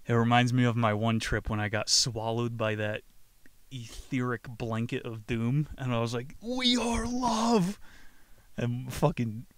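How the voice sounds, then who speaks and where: A man's voice: medium pitch, little pitch movement, moderate pace, a little hiss or hum. A man hosting a podcast who casually comments on a book and reads it aloud, rambling in profane slang. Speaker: podcast host.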